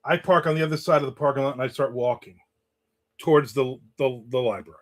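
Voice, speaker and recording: A man's voice: medium pitch, fast. A man hosting a casual live stream, telling a story and reading out viewer comments. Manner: storytelling, reads out chat comments. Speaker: host. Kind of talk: casual livestream chat. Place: in the American South.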